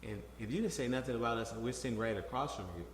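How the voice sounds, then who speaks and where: A man, a political candidate, talking in a casual interview with animated, profane storytelling and frequent restarts. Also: mid-range voice, racing, slight background noise. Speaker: congressional candidate. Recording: echoey room with long reverb.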